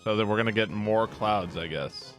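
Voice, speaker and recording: A young man streaming a game, rambling and swearing, often laughing and breaking into loud outbursts at the game. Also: fairly low pitch, normal speed, faint music behind. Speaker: gaming streamer. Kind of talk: casual gameplay commentary with chat.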